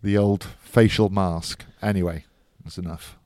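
Man, very deep voice, podcast co-host, matter-of-fact rugby breakdown, dry teasing, close dry sound. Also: fairly even intonation, a little slow, darkish tone, dry recording. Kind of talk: casual sports podcast chat.

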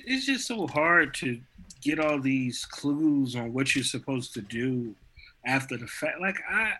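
A man's voice: medium pitch, bright, forceful tone. A man chatting casually on a podcast in loose, slangy speech. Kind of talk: casual chat.

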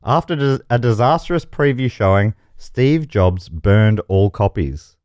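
Lively jokey male game show host. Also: lowish voice, unhurried, no room sound, clean studio sound. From Australia. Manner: jokey, chuckles mid-sentence. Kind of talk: comedy podcast banter, reading quiz options.

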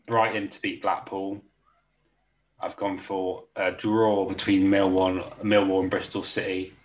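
On a podcast, a laid-back co-host jokes his way through a chat about weekend football bets, calling the listener "mate." He has a deep voice with little pitch movement and a measured pace, plus slight background noise.

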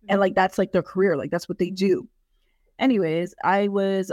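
A woman co-hosting a podcast in casual chat, telling stories in a chatty way with lots of fillers; her voice can run a little deep. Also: darkish tone, dry recording, studio quality. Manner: chatty, leans hard on "like", storytelling. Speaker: podcast co-host.

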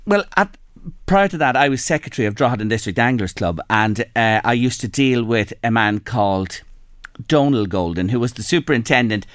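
A man's voice: medium pitch, a little fast, no echo, studio quality. Chatty Irish man hosting radio. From Ireland. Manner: chatty storyteller, animated. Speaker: radio host. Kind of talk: casual radio chat.

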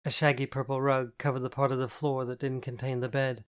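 A male audiobook narrator reading a novel in the first person. His delivery is measured and even, in a medium-pitched voice. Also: smooth.

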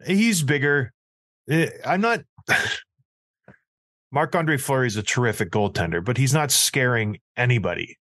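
A man's voice: medium pitch, expressive, a little slow, a bit bright, no room sound, studio quality. A man co-hosting a casual chat, blunt and emphatic with a mocking edge. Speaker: podcast co-host.

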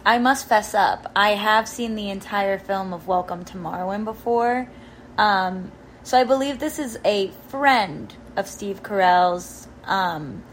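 A woman joins a casual podcast as a guest, answering in a deadpan, playful tone with frequent fillers. Her voice sits in a middle range. A faint hiss sits under the recording. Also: mid-range voice, rough recording. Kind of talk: casual comedic chat.

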